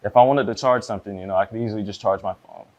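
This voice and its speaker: A man in his early twenties, a plaintiff speaking hesitantly in court with many fillers and a quiet voice. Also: lowish voice, rapid-fire, dull audio. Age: 20s.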